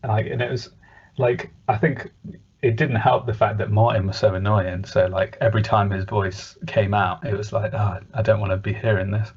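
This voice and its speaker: A man co-hosting a casual cartoon podcast, jokey and playful. His voice is low and husky. The audio is dull and lo-fi. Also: steady tone. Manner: jokey, does quick silly voices. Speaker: podcast co-host. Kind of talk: casual chat reviewing a cartoon.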